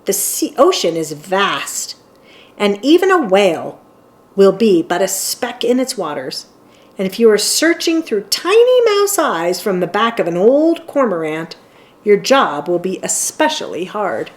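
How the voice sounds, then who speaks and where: A woman reading a children's chapter book aloud, gentle and expressive. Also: mid-range voice, measured pace. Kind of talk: storybook read-aloud narration.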